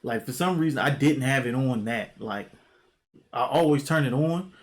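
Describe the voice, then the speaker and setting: Animated young man telling a story. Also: mid-range voice, normal speed. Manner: animated, profane, jumps into quoted exclamations. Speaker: vlogger. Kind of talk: casual storytime.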